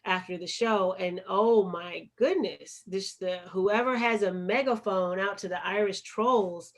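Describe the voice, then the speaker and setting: A woman from the United States with a Chicago accent speaks at medium pitch and a measured pace. She is a poet and activist, a guest in an interview, telling her story in an earnest, emphatic way.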